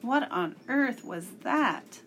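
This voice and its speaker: A woman voicing a frightened young boy who asks anxious, hushed questions, reading a storybook aloud. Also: fairly high pitch, expressive, takes it slowly, slight background noise, voice pushed up, heavily acted. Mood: scared.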